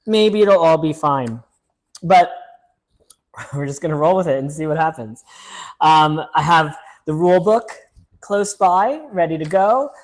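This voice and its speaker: A man's voice: fairly high pitch, measured pace, long pauses. A man hosting a casual solo board game playthrough, chatting upbeat as he thinks aloud and reads the story text. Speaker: board game channel host.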